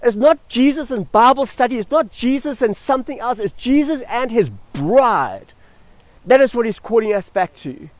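A pastor preaching in a high-pitched voice, animated and emphatic, building his points through repetition and pauses. His sound is dry and close, with almost no room around it. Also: no echo. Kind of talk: sermon.

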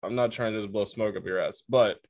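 A man's voice: lowish voice, fairly even intonation, a little fast, a little mellow, no room sound. A man co-hosting a podcast, talking bluntly and swearing in casual chat. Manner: blunt, profane. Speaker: podcast co-host.

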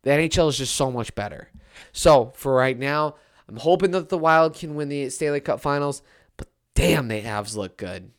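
Animated young man ranting about sports. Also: medium pitch, normal speed. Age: 20s. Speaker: sports commentator. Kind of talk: casual sports rant.

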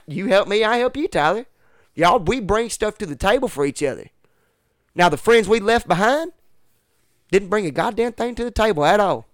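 A man's voice: sits high, no room sound, clean studio sound. A man in a casual podcast chat, ranting bluntly and emphatically with plenty of profanity and rural slang. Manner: uses rural slang like ain't and y'all. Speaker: podcast guest.

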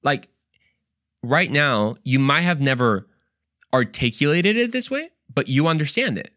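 A man's voice: on the high side, big pitch swings, unhurried, a bit bright, dry recording, clean studio sound. A man hosting a podcast, explaining ideas in a casual teaching talk and often checking in with his listeners. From United States. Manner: conversational, explains step by step, often checks in with "right?". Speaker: podcast host.

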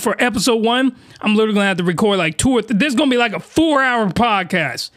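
A man hosting a solo podcast, ranting in slangy, excitable bursts and shouting when he gets worked up, close to his desk microphone. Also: high voice, quick pace, few pauses. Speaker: podcast host reviewing anime. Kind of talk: animated solo podcast rant.

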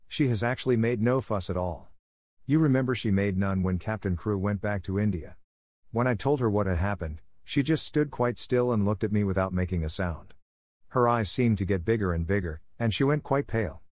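A man's voice: on the low side, a little fast, darkish tone, no room sound, natural voice. A man voicing a flustered spinster sister who chatters in bewilderment. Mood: bewildered.

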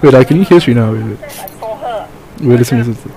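A man's voice: mid-range voice, fast talker, a crowd in the background, rough recording. A young man co-hosting a podcast over a voice call, teasing his friends and swearing freely. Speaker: podcast co-host. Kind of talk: casual chat. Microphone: voice call mic.

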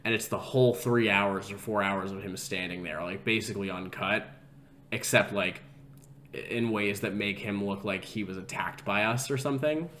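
Rambling young man, lowish voice. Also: normal speed, fairly bright tone, a little hiss or hum. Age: young adult. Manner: rambling storyteller, filler-heavy with constant "like". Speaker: podcast co-host. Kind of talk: casual chat.

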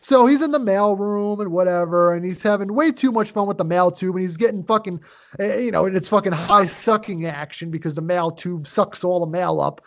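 A man's voice: sits high, brisk. Profane rambling man recapping a movie. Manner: profane, rambling plot retelling. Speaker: podcast co-host. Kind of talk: casual movie review chat.

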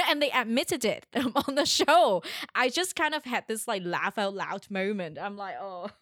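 A woman's voice: a little high, animated, normal speed, a bit bright, no room sound, clean studio sound. A woman hosting a podcast, chatting casually with fillers as she tells an anecdote. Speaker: podcast host. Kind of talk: casual interview chat.

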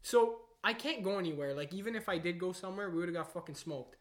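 A man's voice: high voice, lively intonation, fast. Young man, crude joking friends' chat, laughs a lot, defensive. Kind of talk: casual banter among friends.

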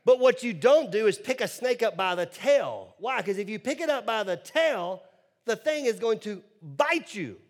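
A man's voice: sits high, animated, moderate pace. A male pastor preaching a sermon in a humorous, conversational way with joking asides.

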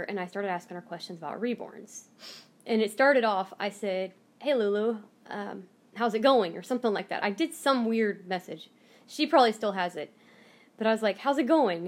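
A woman's voice: medium pitch, a bit bright. Heartfelt rambling American woman vlogger. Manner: rambling, heartfelt storytelling with restarts. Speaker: channel host, reborn doll collector. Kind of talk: casual chat to camera.

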